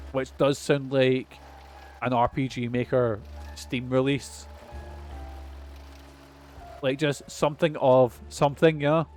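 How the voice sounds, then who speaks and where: A man's voice: mid-range voice, measured pace, pauses often, a little mellow, faint music behind. Chatty Scottish man streaming a game. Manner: rambling, chatty, swears casually. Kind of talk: casual gameplay chat.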